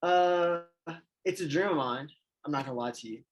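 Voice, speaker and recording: A man who is an assistant coach, a guest on a podcast, talking in a relaxed, rambling, self-deprecating way. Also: on the high side, normal speed, a crowd in the background, poor audio. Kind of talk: casual chat.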